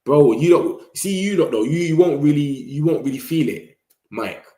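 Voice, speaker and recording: A young man with a London accent hosts a football fan channel, chatting casually to his live-stream audience in a fairly high, warm, lively voice at a moderate pace. His talk is slangy and loose, he now and then mimics rival fans, and the sound is reverberant.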